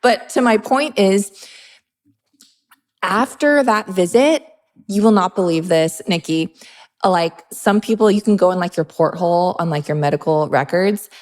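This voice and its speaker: A woman's voice: fairly low pitch, a little slow, darkish tone, big-room sound. A woman interviewing a guest in a casual podcast chat, telling stories and acting out the dialogue in them. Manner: chatty storyteller, acts out quoted dialogue.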